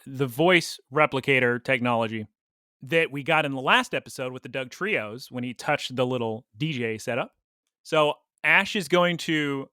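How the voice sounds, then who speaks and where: A man's voice: fairly high pitch, bright, forceful tone, smooth, no room sound, studio quality. A man co-hosting a podcast, recapping a cartoon episode in casual, opinionated chat and laughing often. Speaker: podcast co-host.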